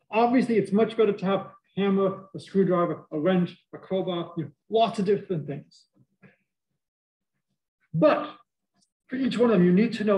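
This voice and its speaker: A middle-aged math professor with a high-sitting voice and a Boston accent gives an animated university lecture, cracking jokes with students. His words come through muffled by a face mask.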